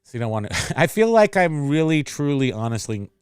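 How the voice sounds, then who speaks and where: A man's voice: on the high side, sing-song, fairly quick, clean tone, no echo, studio quality. A man hosting a livestream in a casual, rambling chat, reading out and answering viewer comments. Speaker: livestream host.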